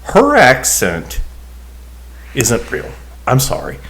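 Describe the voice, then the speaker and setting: Guy cohosting a chat podcast, rambly and hesitant, keeps restarting, mid-pitched voice. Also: huge pitch swings, slow pace, creaky, fairly bright tone. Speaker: podcast co-host. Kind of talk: casual chat.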